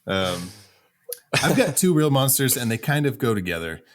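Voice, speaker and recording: A man's voice: mid-range voice, big pitch swings, moderate pace. A man co-hosting a podcast in casual chat, blunt and profane, often laughing mid-sentence. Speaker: podcast co-host.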